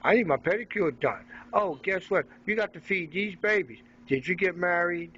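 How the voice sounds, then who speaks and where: A man's voice: animated, moderate pace, sharp tone. A man voicing a nagging, demanding woman who scolds her man, in a mocking put-on voice. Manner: bossy, scolding, high put-on voice. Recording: dull lo-fi with faint noise.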